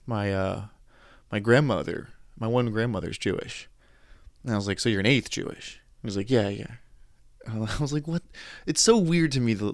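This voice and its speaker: A young adult man hosting a podcast, telling anecdotes in a casual monologue, animated, quoting others and restarting his sentences. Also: fairly low pitch, dry recording, clean studio sound. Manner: animated storytelling, quoting others, frustrated asides, frequent restarts. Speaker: podcast host.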